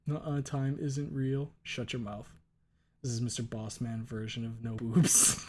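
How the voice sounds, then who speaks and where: A man with a darkish, mid-range voice speaks at a moderate pace during casual chat at the end of his livestream. He's joking and profane throughout and reads out messages from his viewers.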